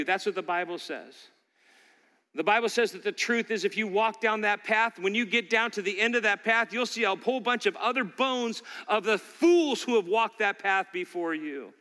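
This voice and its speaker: Guy preaching a sermon, high bright voice, plays out the devil's lines then fires back, big reverb like a church hall. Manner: preaching with rising intensity, acting out Satan's lies. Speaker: pastor.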